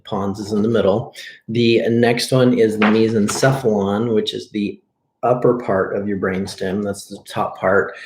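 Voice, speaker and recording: A man with a somewhat low voice leads a live breathing lesson, explaining drills and demonstrating them as he goes. He keeps checking in with his listeners with a quick "okay?". The sound carries the echo of a bare room. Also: a little mellow, slight background noise. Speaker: breathing coach. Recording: echoey room.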